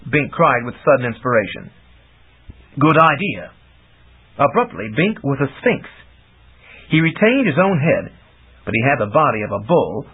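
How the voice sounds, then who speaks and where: Husky man narrating a fantasy audiobook. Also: medium pitch. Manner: animated storytelling. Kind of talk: scripted narration. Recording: tinny lo-fi audiobook recording.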